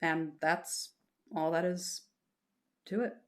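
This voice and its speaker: A woman's voice: low voice, slow. A woman teaching a lesson patiently, explaining step by step and reassuring her students, breaking into short chanted examples.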